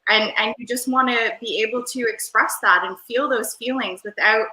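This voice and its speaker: Woman, airy valley-girl delivery, rambling with fillers, higher voice, video call. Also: moderate pace, hardly any pauses, sharp tone. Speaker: interview guest. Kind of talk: casual conversational interview. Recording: roomy echo.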